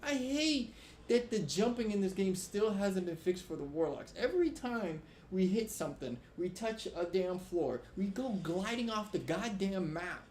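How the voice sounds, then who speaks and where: Cursing guy streaming a game, voice sits kinda high and jumps around, echoey room. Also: normal speed, hardly any pauses. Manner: profane, venting, animated. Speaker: gaming streamer. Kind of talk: live gameplay commentary. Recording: roomy livestream audio with faint background noise.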